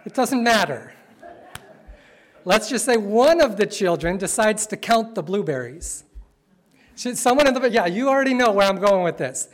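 A man preaching to his congregation, telling stories conversationally and slowing down hard on key phrases. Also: high voice, animated. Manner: conversational, playful storytelling with sudden slow emphatic phrases. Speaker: pastor. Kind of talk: sermon. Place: church sanctuary with congregation.

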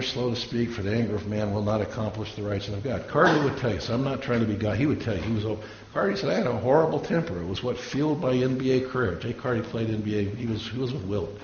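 A man's voice: mid-range voice, quick pace, hardly any pauses, a little mellow. A man, a pastor, preaching a sermon and telling stories, acting out the voices of the people he quotes. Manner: storytelling, acts out quoted voices. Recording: echoey room, dull lo-fi sound, faint hiss.

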